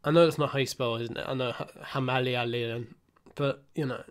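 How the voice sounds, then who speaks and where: A man's voice: medium pitch, fairly quick. Chatty man reacting to gameplay. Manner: chatty, self-mocking, swings between mumbled asides and excited outbursts. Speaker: gaming YouTuber. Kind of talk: casual gameplay commentary.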